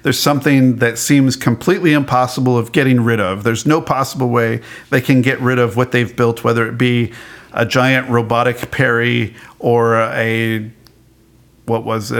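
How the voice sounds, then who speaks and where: A man chatting casually as a podcast co-host, animated, laughing often and restarting his sentences. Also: medium pitch. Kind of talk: casual chat about a cartoon.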